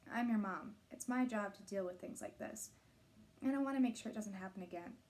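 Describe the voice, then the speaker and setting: A woman's voice: mid-range voice, a little fast, a little mellow, natural voice. A caring mother, as a woman reader puts her on. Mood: reassuring. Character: caring protective adult mother, warm and firm.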